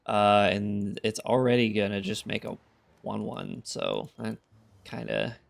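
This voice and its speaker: A man's voice: lowish voice, animated, a little slow, creaky. A tired man giving casual, laid-back gameplay commentary, thinking aloud with a wry tone. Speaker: gaming content creator.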